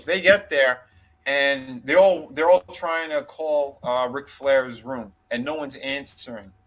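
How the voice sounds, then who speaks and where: A man's voice: medium pitch, fairly even intonation, measured pace, fairly bright tone, poor audio. A man casually retelling a backstage story on a wrestling discussion podcast, swearing freely and slipping into quoted voices. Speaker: podcast co-host.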